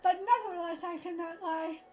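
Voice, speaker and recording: A woman's voice: extremely high pitch, fairly even intonation, fairly quick, warm tone, slight background noise, low-quality recording. A woman voicing a haughty, spiteful noblewoman with a scornful, theatrical delivery, music playing underneath. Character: haughty spiteful noblewoman, blue-blooded and cruel.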